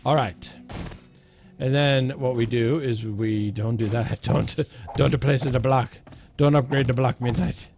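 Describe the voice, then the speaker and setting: Over a noisy background, a man with a medium-pitched, steady voice and vocal fry talks at a measured pace. He's doing light-hearted gameplay commentary, chanting counts and throwing in goofy asides that poke fun at himself.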